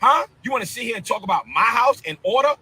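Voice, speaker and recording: A bishop ranting on a live stream in a fiery, confrontational preaching cadence, full of incredulous repeated outbursts. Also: male voice, very high-pitched, lively intonation, fast, sharp tone, breathy edge, low-quality recording. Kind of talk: heated live-stream rant.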